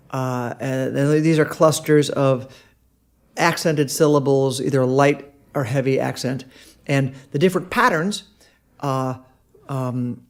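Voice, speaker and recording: A man giving a casual video lesson on songwriting, halting with many fillers and sounding out rhythms as syllables. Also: medium pitch, gravelly. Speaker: songwriting teacher.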